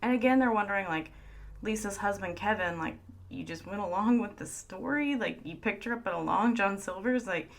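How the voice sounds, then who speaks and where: A woman's voice: mid-range voice, fairly quick. A woman co-hosting a podcast, telling a story in a casual, chatty way and laughing often. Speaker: podcast co-host. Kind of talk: casual chat.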